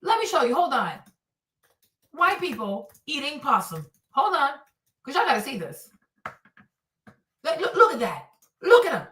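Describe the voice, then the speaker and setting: Loud, ranting high-voiced woman. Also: sing-song, a little slow, pauses often, echoey room, far from the mic, a little hiss or hum. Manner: loud, profane, mocking rants. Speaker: streamer host. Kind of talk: reaction stream commentary.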